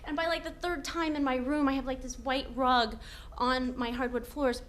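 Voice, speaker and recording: A young adult woman telling a funny personal story on stage, acting out quotes loudly and animatedly. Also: high voice, fairly even intonation, moderate pace, a little hiss or hum. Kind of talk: live comedic storytelling.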